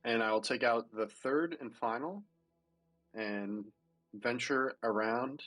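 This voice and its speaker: A man's voice: mid-range voice, slow, fairly bright tone, no echo, soft background music, low-quality recording. A man playing a tabletop game, describing his character's actions plainly and casually. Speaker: player. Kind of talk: casual tabletop role-play.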